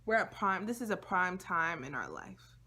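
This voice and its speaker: A woman's voice: on the low side, big pitch swings, moderate pace, sharp tone, slightly rough. A young woman vlogger telling a personal story to her viewers in a casual, slangy, chatty way.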